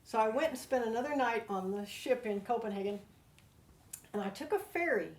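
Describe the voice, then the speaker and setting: An older American woman, a guest, telling her own story with heartfelt, animated feeling. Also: a little high, fairly quick. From United States. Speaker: interview guest. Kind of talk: personal storytelling. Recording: roomy echo.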